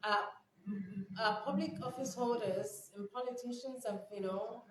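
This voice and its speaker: A woman from Nigeria giving casual vlog commentary, animated and incredulous, laughing often. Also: on the high side, a little slow, a little hiss or hum. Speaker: news commentator. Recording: echoey room with background music.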